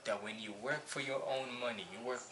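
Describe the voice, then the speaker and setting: A man's voice: mid-range voice, steady tone, brisk, a crowd in the background, low-quality recording. A man hosting a music reaction video, talking casually and preachily, repeating his points for emphasis. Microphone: cheap basic mic.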